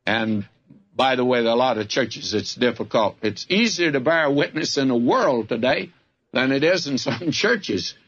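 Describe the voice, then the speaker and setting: A man's voice: mid-range voice, animated, moderate pace, a bit bright, slightly rough, muffled recording. An older man with a Southern US accent, preaching a folksy, fervent radio sermon that keeps calling the listener "friend". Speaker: radio Bible teacher.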